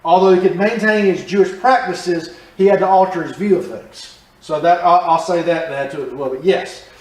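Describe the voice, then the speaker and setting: A man teaches a Bible study class in a church room, explaining the passage conversationally and quizzing the class with questions. His voice is high-pitched and a little fast, and the recording is roomy, taken from a distance.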